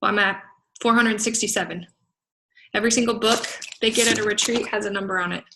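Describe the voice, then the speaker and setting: A woman's voice: medium pitch, steady tone, fast talker, creaky, fairly bright tone, slight background noise, rough recording. A middle-aged woman, a business coach, giving an emphatic motivational talk to a group, laughing often and asking "right?". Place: event venue in Las Vegas.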